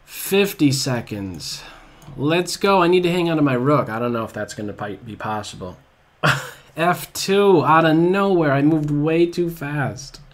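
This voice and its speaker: A man talks through his own fast chess game live from his desk. His voice sits a little high and his delivery is drawn out and slow. He swings between excited hope and comic groans at his blunders. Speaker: chess commentator.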